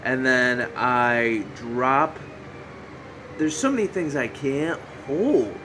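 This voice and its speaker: A man's voice: mid-range voice, lively intonation, extremely slow, low-quality recording. A man hosting a solo podcast, rambling and joking at himself, with a fan running in the room. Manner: goofy, joking, self-mocking, breaks into shouty bits. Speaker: podcast host. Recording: faint fan hum behind.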